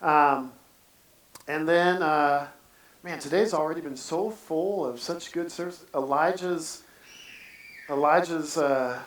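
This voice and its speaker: A man preaches in a loose, earnest way and keeps stopping to restart his sentences. His voice sits a little high and is picked up from some distance, so it rings around a large church sanctuary. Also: echoey room, a little hiss or hum. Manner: earnest, halting, many restarts. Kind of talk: casual church sermon.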